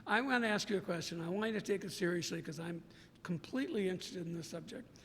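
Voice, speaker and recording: An American man hosting a podcast interview, effusive and halting, often restarting his sentences. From United States. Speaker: podcast host. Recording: reverberant room with faint rumble.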